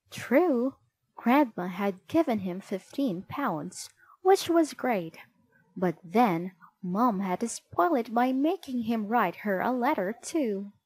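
Slow expressive woman reading a children's book. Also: fairly high pitch, slightly rough. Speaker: storybook reader. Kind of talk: children's book read-aloud.

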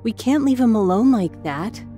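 A woman's voice: a little high, lively intonation, moderate pace, dark tone, faint music behind, voice pushed up, lightly acted. A woman voicing a playful young girl in a spoken storybook, with an eager, giggly manner. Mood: worried.

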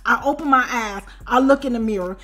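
A woman in her forties telling a story in a casual, animated way, full of slang and repeated asides. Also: a little high, brisk. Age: 40s. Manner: animated, repeats "you know what I'm saying". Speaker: storyteller vlogger.

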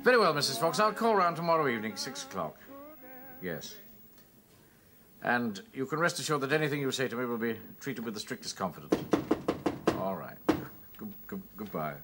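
An actor playing a self-important, blustering middle-aged army captain in a sitcom. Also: male voice, mid-range voice, very animated, fairly quick, long pauses, over music, natural voice. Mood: officious. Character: pompous middle-aged male captain, bank-manager type.

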